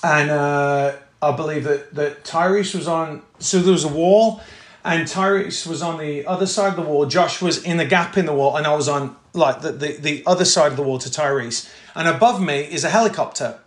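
A man, an actor telling anecdotes in a casual interview, animated and full of fillers, acting out quotes. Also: a little high, moderate pace. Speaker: actor guest. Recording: echoey room.

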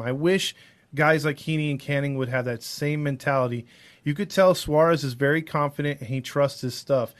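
A man co-hosting a casual baseball podcast, enthusiastic and opinionated, who keeps the talk moving with questions and jokes. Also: a little high. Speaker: sports podcast co-host.

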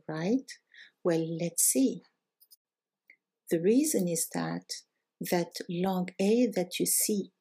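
A woman's voice: on the low side, dark tone, breathy edge. A woman teaching a recorded language lesson, explaining step by step in a patient way and drawing out example words. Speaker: Arabic teacher.

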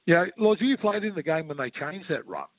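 A man's voice: fairly high pitch, big pitch swings, brisk, no echo, narrow, tinny audio. An Australian man in his sixties, a former player, chatting on sports radio in a rambling, storytelling way full of restarts. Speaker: former player and regular pundit. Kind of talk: casual sports radio chat.

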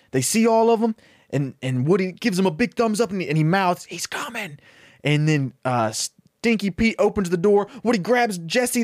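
A young man pitches a comedy story in a loose, rambling way, jumping into the characters' voices as he goes. His voice sits a little high, and the recording is close and dry. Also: a little mellow, no echo. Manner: casual, rambling, acts out characters' lines.

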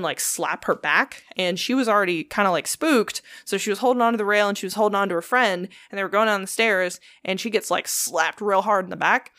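A young woman telling ghost stories in a relaxed, chatty podcast manner. Her pitch sits in an ordinary middle range. Her speech is loose and full of swearing and filler words. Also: no echo, studio quality. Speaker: podcast host. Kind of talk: casual storytelling chat.

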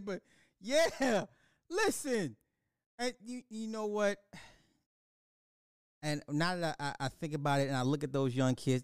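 A man with a fairly high voice rants through a casual movie review, swearing freely and breaking into laughter between lines. His delivery is loose and animated, and the recording is dry and close, with no room sound. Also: clear, resonant tone, no room sound. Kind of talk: casual profane rant to camera.

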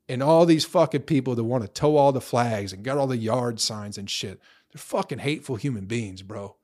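A man's voice: mid-range voice, a little mellow. A young man in a profane, rambling casual rant, blunt, tossing in "bro" and "you know" often. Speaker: vlogger.

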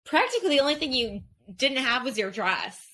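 A woman's voice: high-pitched, very animated, fairly quick, pushed and bright. A woman co-hosting a podcast, chiming in with sympathetic remarks during a guest's story. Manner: sympathetic interjections. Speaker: podcast co-host. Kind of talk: casual podcast chat.

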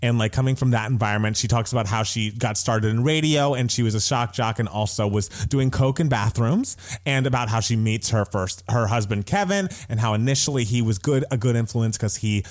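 A man hosting a podcast in casual chat, retelling a documentary in an expressive, gossipy way. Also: mid-range voice, brisk, few pauses. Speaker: podcast host.

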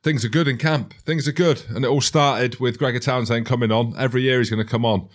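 A man's voice: medium pitch, steady tone, fast. A man hosting a sports podcast, enthusiastic and teasing in casual banter. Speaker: podcast host.

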